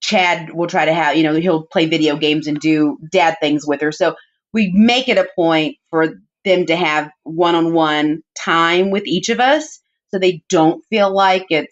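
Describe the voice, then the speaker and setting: A woman, a podcast guest, telling personal family stories in a chatty, heartfelt way, with plenty of "like" and "you know" fillers. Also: deep voice. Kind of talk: personal storytelling in conversation. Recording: dull muffled audio.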